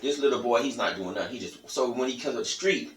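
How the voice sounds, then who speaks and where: A man's voice: medium pitch, quick pace, roomy sound, far from the mic, rough recording. A man telling stories and ranting to his viewers in a blunt, profane, emphatic way. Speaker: vlogger. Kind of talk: casual storytelling monologue.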